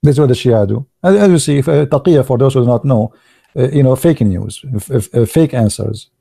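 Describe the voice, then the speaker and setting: Gravelly-voiced man. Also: mid-range voice, warm tone, no echo, clean studio sound. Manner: halting, many fillers and restarts, sarcastic asides. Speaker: online commentator. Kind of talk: casual live commentary.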